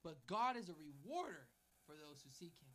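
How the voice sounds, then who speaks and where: A man's voice: fairly high pitch, sing-song, moderate pace, bright, forceful tone. A man preaching a sermon, fervent and emphatic, building repeated phrases, with folksy, informal asides. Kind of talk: sermon with a read-aloud prayer.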